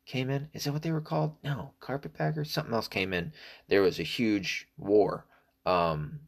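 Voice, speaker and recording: A man's voice: low voice, a bit bright. A middle-aged man from the South, talking in a casual, profane, rambling monologue full of fillers. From American South. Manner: profane, digressive, many fillers. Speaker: solo talker.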